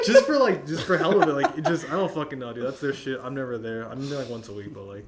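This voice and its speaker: A man's voice: medium pitch, very animated, brisk, a crowd in the background. A young man casually telling rambling, profane stories on a podcast and laughing often. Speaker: podcast host.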